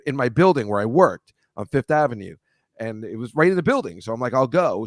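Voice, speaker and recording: A man's voice: mid-range voice, no echo. A man co-hosting a casual live-stream chat, telling rambling, self-deprecating stories and cracking jokes. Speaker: podcast regular co-host.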